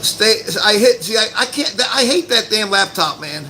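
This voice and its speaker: A man's voice: sits high, lively intonation, normal speed, soft background music, low-quality recording. A man hosting a casual family livestream, easygoing and upbeat as he chats with viewers. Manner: easygoing, upbeat sign-offs. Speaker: livestream host.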